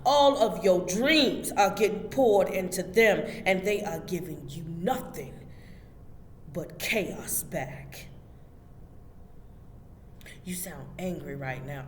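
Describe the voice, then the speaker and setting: Woman preaching emphatically in an echoey hall. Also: lowish voice. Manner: emphatic, preachy, direct address to listeners. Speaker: host. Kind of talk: motivational spiritual talk. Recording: echoey hall with faint background noise.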